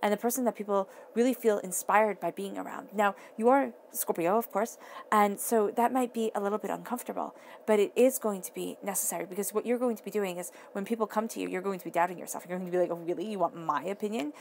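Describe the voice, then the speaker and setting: Woman, tarot reader, earnest and emphatic, some vocal fry, faint background hiss. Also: mid-range voice, fast talker, a little mellow. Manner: earnest, repeats and restates phrases; emphatic, talks straight to the listener. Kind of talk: casual tarot reading to camera.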